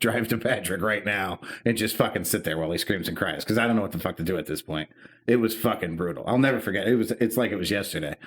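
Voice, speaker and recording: Deep-voiced man telling a profane story. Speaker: podcast co-host. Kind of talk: casual podcast chat.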